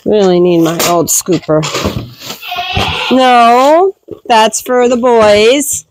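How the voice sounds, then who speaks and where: A woman's voice: a little high, drawn-out words, long pauses, background noise. A woman goat farmer vlogging casually while doing barn chores, talking fondly to her goats and scolding them.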